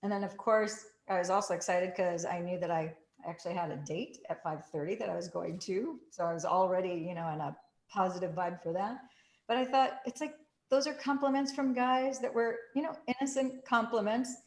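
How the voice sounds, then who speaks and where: A woman telling a story in a casual way, acting out the quotes with big jumps in pitch. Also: fairly quick. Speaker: group participant sharing a story. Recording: roomy echo.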